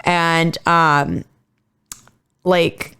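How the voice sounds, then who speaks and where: A woman's voice: low-pitched, fairly even intonation, drawn-out words, creaky, pushed and bright, smooth. Chatty woman telling a crime story. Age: 30s. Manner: chatty, swears casually, many fillers. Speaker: podcast co-host. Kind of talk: casual true-crime storytelling chat.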